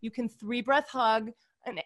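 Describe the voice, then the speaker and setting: A woman's voice: fairly high pitch, fairly even intonation, a little slow. A woman talking as a podcast guest in a casual, upbeat, gushing way, full of "like" and "you guys". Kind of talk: casual interview chat.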